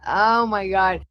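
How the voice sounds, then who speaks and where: A woman's voice: mid-range voice, no room sound, lo-fi sound. A woman hosting a casual livestream, laughing constantly between phrases and swearing casually. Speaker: livestream host.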